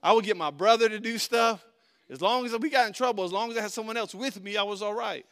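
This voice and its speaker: A middle-aged man preaching a sermon, telling a personal story with lively swings from quiet to shouting. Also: high-pitched, fast. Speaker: pastor.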